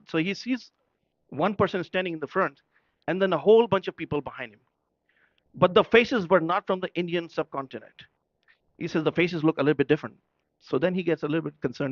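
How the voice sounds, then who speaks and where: A man's voice: fairly high pitch, no echo. Man, Urdu first language, storytelling sermon, conversational, checks in with the crowd, dull dry recording. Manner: conversational, often checking in with the audience. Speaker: speaker at a religious gathering.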